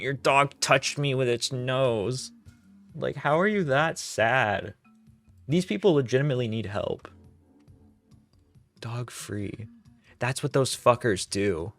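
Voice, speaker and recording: A man's voice: mid-range voice, fairly bright tone, dry recording. A young man hosting a casual commentary, sarcastic and exasperated, with many fillers. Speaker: commentary host.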